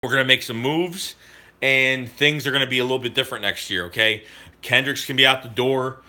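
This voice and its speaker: A man talks live to his stream chat in a heated, swear-filled rant. His voice is sharp, forceful and tense. His pitch sits in an ordinary middle range. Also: fairly quick. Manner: profane, heated, ranting.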